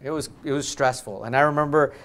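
A man's voice: medium pitch, steady tone, quick pace. A man giving an earnest sermon in a church, emphatic, often restarting his sentences and ending in prayer. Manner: earnest, emphatic, with frequent restarts and swings in loudness. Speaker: lay preacher. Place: church sanctuary.

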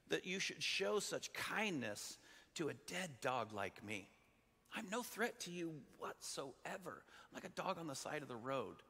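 A man doing a humble young man, his voice pitched up and bright with disbelief. He exclaims in earnest, amazed at his change of fortune. The sound rings with a long reverb from a big hall. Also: gravelly, husky, exaggerated voice.

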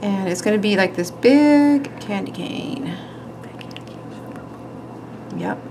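A woman's voice: medium pitch, expressive, takes it slowly, background noise. A woman hosting a nail art tutorial, chatting casually and giggling as she works. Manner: chatty, giggly, talks while working.

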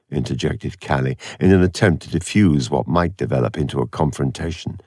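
Deep, wry male storyteller. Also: sing-song, moderate pace, gravelly, hardly any pauses, a little mellow, no room sound, studio quality. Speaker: narrator. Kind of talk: audiobook reading.

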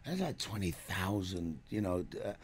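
A middle-aged man, an animated storyteller chatting as a guest in a radio studio. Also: low-pitched, normal speed, slightly rough. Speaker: guest actor. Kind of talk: casual radio chat.

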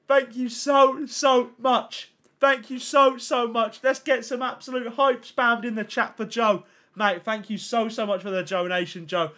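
A man's voice: sits high, a bit bright. A young man hosting a live gaming stream, chatting in a hyped, slangy way and reading out chat messages. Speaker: livestream host.

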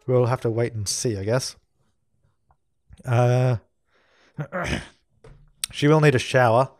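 A man's voice: mid-range voice, slow, no echo, clean studio sound. A man hosting a let's play, chatting casually and giving orders to the characters on screen as he plays. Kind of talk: casual gameplay commentary.

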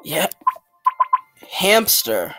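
A man's voice: extremely slow, sharp tone, soft background music. A man with the hiccups casually commenting as he tries out web experiments, reading on-screen text aloud and apologizing now and then. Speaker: YouTuber trying web experiments.

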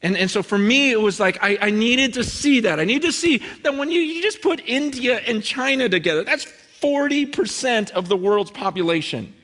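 Man preaching with a bright voice in a reverberant hall. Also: very high-pitched, moderate pace, hardly any pauses. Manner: animated, acts out quoted voices, many fillers and restarts. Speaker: pastor. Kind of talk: sermon with storytelling.

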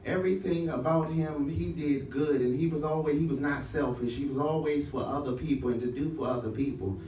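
A high-voiced man speaks at a homegoing service, moving from quiet memories into fervent, preacher-like praise that he drives at the crowd. He sounds distant, with a big echoing room around him and a faint hiss behind. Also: steady tone, fairly quick. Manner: builds into fervent, preacher-like exhortation. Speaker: family member giving a funeral tribute. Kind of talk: emotional funeral tribute with church call-and-response. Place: large room at a funeral service. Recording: echoey room, voice heard from a distance, faint noise.

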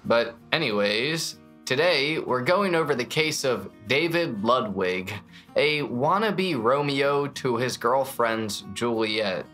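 A man's voice: mid-range voice, expressive, slow, fairly bright tone, faint music behind. A man hosting a true crime channel, narrating a scripted case in a casual, jokey storytelling manner.

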